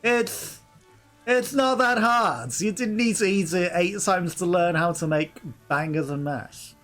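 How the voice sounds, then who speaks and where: Let's-play host, young man, chatty and giggly, fairly high voice. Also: a little slow, a bit bright. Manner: chatty, laughing, reads game dialogue aloud. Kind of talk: casual gameplay commentary. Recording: game music behind.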